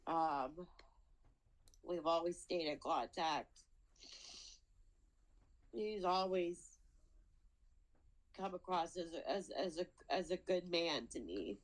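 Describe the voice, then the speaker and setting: Speaking low and animated through a low-quality connection, a woman appeals for her father at a video-call hearing. Her words come haltingly and often twice as she holds back tears.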